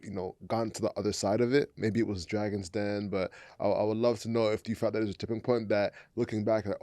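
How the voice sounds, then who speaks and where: A man's voice: on the low side, level tone, fast talker, hardly any pauses, mellow, dry recording, studio quality. A man hosting a podcast, asking casual, loosely phrased questions with some hesitation. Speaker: podcast host. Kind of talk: interview questions.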